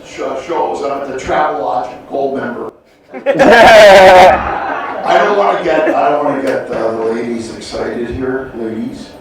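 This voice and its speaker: Crude stand-up comic in an echoey hall. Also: male voice, medium pitch, measured pace. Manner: loose, crude, self-mocking banter. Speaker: stand-up comedian. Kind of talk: stand-up comedy set. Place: theater on a cruise ship. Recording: echoey hall heard from far off, noisy.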